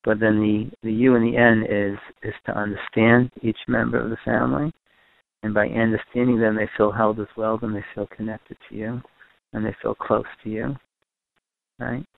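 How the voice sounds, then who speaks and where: Gravelly low-voiced man lecturing. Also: level tone, normal speed, phone-quality sound. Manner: repeats and rephrases for emphasis. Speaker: lecturer on family and parenting. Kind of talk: recorded lecture to a group.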